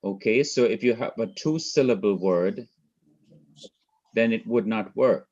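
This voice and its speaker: Jamaican guy teaching hebrew online, slow careful talk, lowish voice, muffled lo-fi sound. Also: a little mellow. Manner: patient, repeats points slowly. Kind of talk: online class lecture.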